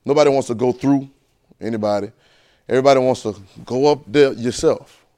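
A man preaching a sermon, telling a childhood story with lively, animated delivery. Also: medium pitch, a little fast. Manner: animated storyteller, rising to excited near-shouting.

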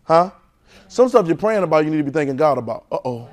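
A man preaching a sermon in call-and-response, swinging from loud urging to soft, hushed lines. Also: a little high, animated, fast. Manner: swings from loud exhortation to soft near-whispers.

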